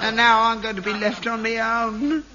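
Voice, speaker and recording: An actor playing a selfish, scornful older working-class father, speaking slowly in a gravelly, scoffing way in a sitcom. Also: extremely high pitch, flat delivery, sharp tone, heavily acted. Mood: self-pitying. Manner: slow gravelly scoffing delivery. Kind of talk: 1960s-70s TV sitcom acting. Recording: dull old TV recording, faint hiss.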